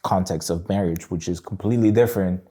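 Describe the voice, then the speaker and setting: A man's voice: deep voice, fast talker, dark tone, slightly rough. A young adult man chatting as a podcast guest in a laid-back way, saying "bro" and "man" often. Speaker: guest musician. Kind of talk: casual chat.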